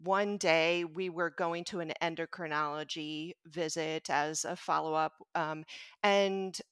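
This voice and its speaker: A middle-aged woman, a pediatrician appearing as a podcast guest, tells a personal story conversationally, earnest and reflective but animated when quoting others. Her voice is deep, smooth, and measured in pace. The studio-quality audio has no room sound.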